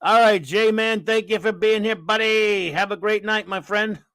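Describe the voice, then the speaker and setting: A man's voice: high voice, steady tone, measured pace, a bit bright, smooth, no room sound. A man hosting a casual live stream, rambling and sarcastic as he greets viewers and rants. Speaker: host of a live stream chat.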